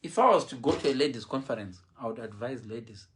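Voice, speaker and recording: A man's voice: medium pitch, fast talker, slight background noise. A man preaching a humorous sermon, mixing English and Shona and acting out the people he quotes. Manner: animated, mixes English and Shona, acts out quotes.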